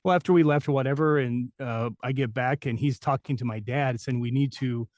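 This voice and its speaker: A man's voice: medium pitch, a little fast, darkish tone, no room sound, clean studio sound. A man who works as a voice actor, telling long anecdotes in an interview with many fillers and restarts. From New Mexico. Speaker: voice actor guest. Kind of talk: interview storytelling.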